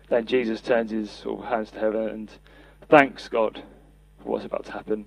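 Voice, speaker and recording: A man's voice: fairly low pitch, flat delivery, moderate pace, creaky, hardly any pauses, fairly bright tone, husky, no echo, low-quality recording. A man preaching a sermon, earnest, reading and acting out scripture quotes for a podcast. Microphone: podcast mic.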